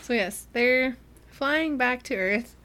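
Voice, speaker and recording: A young woman hosting a book club podcast, retelling a novel's plot in a chatty, animated way and acting out the characters' lines. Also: high-pitched, slow pace. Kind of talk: casual chat recapping a book.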